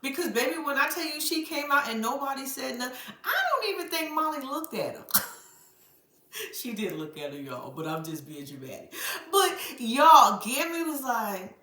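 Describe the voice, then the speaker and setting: Woman, reality-TV recap vlogger: animated, profane, dramatic commentary with a bright tone, recorded in an echoey room. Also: sits high, moderate pace. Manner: animated, profane, dramatic storyteller who laughs often and addresses viewers as "y'all". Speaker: reality show recap host.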